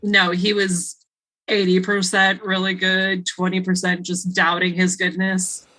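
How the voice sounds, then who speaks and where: A woman's voice: on the low side, monotone, measured pace, pushed and bright, poor audio. A woman co-hosting a casual book podcast, blunt and opinionated in her views. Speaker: podcast co-host.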